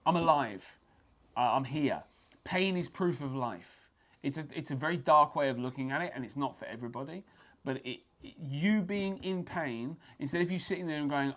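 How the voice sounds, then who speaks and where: A man's voice: a little high, moderate pace. Blunt, sweary man. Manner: blunt, swears freely, lively storytelling. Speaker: guest fight photographer. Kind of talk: casual podcast chat. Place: martial arts gym.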